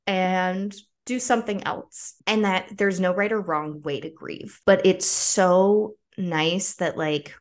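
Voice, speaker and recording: A young woman hosting a casual podcast, candid and animated, with frequent "like" fillers. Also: fairly low pitch, slow, few pauses. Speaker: podcast host. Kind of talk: casual conversation.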